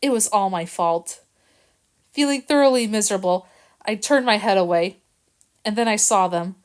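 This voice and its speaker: A woman reading a children's novel aloud in a quiet, earnest way, stumbling over a word now and then. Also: medium pitch, normal speed, smooth. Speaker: reader.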